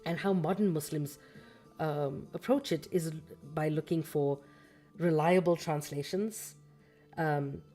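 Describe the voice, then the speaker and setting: A woman's voice: sits low, slow, warm tone, faint music behind. A woman hosting a casual livestream, reading a book and talking it through thoughtfully, with fillers and self-corrections and a slightly scratchy throat.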